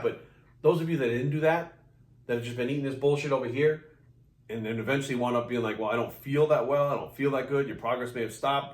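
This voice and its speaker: A man who coaches fitness, ranting to camera in a blunt, passionate way and swearing constantly. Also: medium pitch. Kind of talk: ranting vlog monologue. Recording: roomy sound, mic at a distance.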